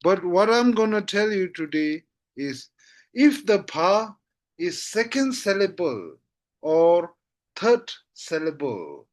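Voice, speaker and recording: A man teaching a language lesson, repeating syllables slowly and often checking that his listener follows. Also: sits high, sing-song. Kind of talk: slow spoken lesson.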